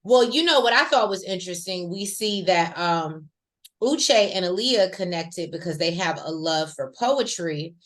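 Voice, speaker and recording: A woman co-hosting a casual recap chat, talking in a chatty, slangy way with lively asides. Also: on the low side, normal speed. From rural American South. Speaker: podcast co-host.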